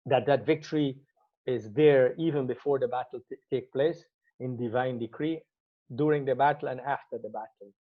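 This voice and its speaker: A man's voice: mid-range voice, normal speed. Man teaching grammar, muffled recording. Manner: explains step by step, repeating Arabic words.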